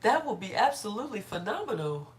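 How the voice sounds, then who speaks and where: A woman's voice: medium pitch, very animated, fairly quick. A middle-aged woman chatting casually on a live stream while doing her hair, laughing often and greeting viewers by name.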